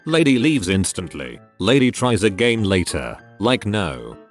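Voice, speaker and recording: A man's voice: fairly low pitch, sing-song, measured pace. A man reading online stories aloud as scripted narration, with some odd misreadings. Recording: faint music behind the voice.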